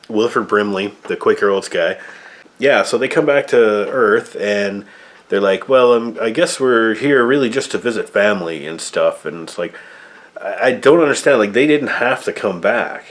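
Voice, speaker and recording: A man with a fairly low voice reviews a film in a loose, rambling rant. He sounds exasperated and drops the odd swear word. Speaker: movie reviewer. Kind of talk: casual ranting review.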